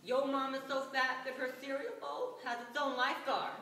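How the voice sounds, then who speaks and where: A vain, sassy ventriloquist's puppet pours out its woes, played by a teenage girl on stage. The voice is high and bright, with sarcastic, melodramatic storytelling. It rings through a long-reverb school hall, picked up from far off. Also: flat delivery, normal speed, a little hiss or hum. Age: teens. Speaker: student performer. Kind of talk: stage monologue performance. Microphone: distant room mic.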